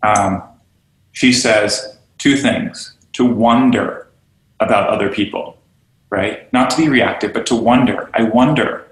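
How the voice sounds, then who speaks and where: A man's voice: lowish voice, slow. Earnest man in a roomy room. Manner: earnest, animated, acts out quoted voices. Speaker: guest, yoga studio owner and teacher trainer. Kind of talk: conversational podcast interview. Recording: roomy echo.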